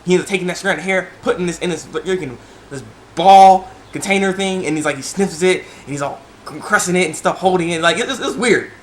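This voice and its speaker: There's a faint hiss behind this casual video review, where an excitable young anime reviewer speaks a little fast about an episode. His somewhat high voice wanders loosely, full of fillers and false starts.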